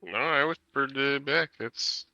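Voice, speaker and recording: A man's voice: medium pitch, measured pace, pushed and bright, no room sound, muffled recording. A man playing a tabletop game, with hesitant, meandering replies. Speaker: player. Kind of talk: casual chat at the table.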